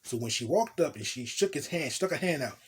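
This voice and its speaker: A young man from New Jersey casually telling a profane, animated storytime tale in street slang, acting out what people said. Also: mid-range voice, fairly quick, breathy edge.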